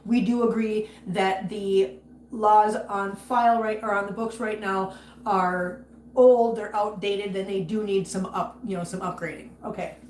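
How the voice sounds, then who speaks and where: A woman's voice: medium pitch, steady tone, measured pace, a little mellow, a little hiss or hum. A woman hosting a casual livestream, ranting angrily and greeting viewers by name between outbursts. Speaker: livestream host. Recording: echoey room with faint ambience.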